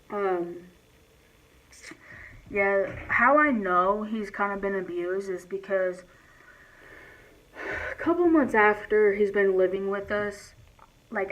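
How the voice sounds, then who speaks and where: A woman vlogging in a casual, rambling way, speaking loudly and filling her talk with "like" and restarts. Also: medium pitch. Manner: talks loud. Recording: dull lo-fi sound with faint hiss.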